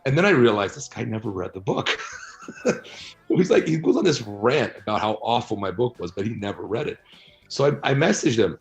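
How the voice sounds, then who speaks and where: A man's voice: lowish voice, very animated, a little fast, soft background music. A man interviewed about his book, answering bluntly and argumentatively, often tagging his points with "right?" and "you know". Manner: blunt, argumentative, rhetorical asides.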